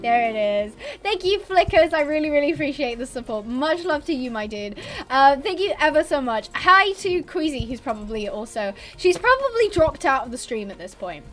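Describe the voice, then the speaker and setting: Chatty high-voiced woman livestreamer. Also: big pitch swings, normal speed, a bit bright, soft background music. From born abroad on a military base, British. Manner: chatty, rambling, reads chat aloud, laughs often. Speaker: livestream host. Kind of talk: casual livestream chat.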